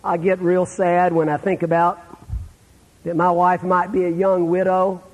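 Husky high-voiced male preacher. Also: flat delivery, unhurried, in a large hall, poor audio. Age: middle-aged. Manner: storytelling, dropping to a hush for sad moments. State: terminal illness, on breathing treatments. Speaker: pastor. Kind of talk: sermon.

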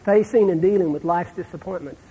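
A middle-aged man preaching a sermon, telling stories and dropping to a hush for the sad parts. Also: sits high, a little fast, slightly rough, long reverb tail, poor audio. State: terminal illness, on breathing treatments. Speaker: pastor.

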